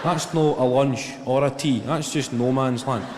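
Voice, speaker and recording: A man doing stand-up, telling a story in a deadpan, sweary way with rambling asides, live in a comedy venue. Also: mid-range voice, unhurried, long reverb tail, background noise.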